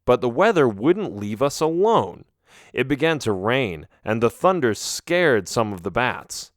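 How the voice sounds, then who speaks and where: A man narrating a children's audiobook in an expressive, first-person storytelling manner. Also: mid-range voice, a little slow, dry recording, studio quality.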